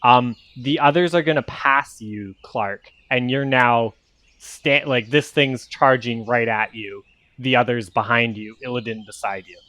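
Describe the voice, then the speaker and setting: A man's voice: mid-range voice, fairly even intonation, measured pace, sharp tone, dry recording. A man narrating as game master of a tabletop game, casual with many fillers.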